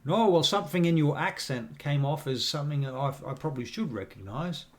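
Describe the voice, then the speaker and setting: A man's voice: a little high, animated, fairly quick, lightly acted. A man voicing a chatty, rambling town guard corporal in a tabletop role-play, with a folksy, gossipy manner.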